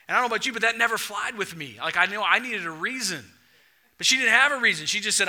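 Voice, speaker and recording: High-voiced animated male preacher. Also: fast talker. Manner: animated storytelling, acts out dialogue. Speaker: pastor. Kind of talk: sermon.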